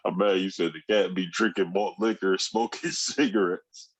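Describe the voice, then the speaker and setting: A man's voice: low-pitched, steady tone, normal speed, slightly rough. A man co-hosting a casual podcast, joking and laughing with his co-host.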